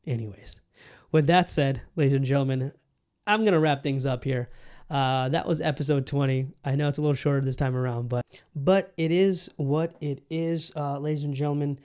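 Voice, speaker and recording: A man's voice: medium pitch, a little mellow. A man hosting his own podcast, chatting casually and rambling with lots of fillers and casual swearing. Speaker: podcast host. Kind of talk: casual solo podcast chat.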